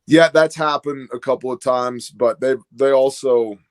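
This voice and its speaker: A man's voice: mid-range voice, fairly even intonation, measured pace. A man talking casually as a podcast guest, rambling and storytelling with lots of fillers. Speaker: guest, business owner.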